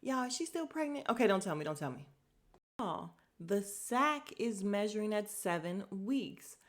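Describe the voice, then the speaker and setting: A woman's voice: medium pitch, animated, moderate pace. A woman hosts a casual podcast recap, talking straight to her listeners. She is blunt and opinionated, and she keeps slipping in sarcastic asides and exasperated remarks. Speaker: podcast host recapping a TV show. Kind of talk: casual chat.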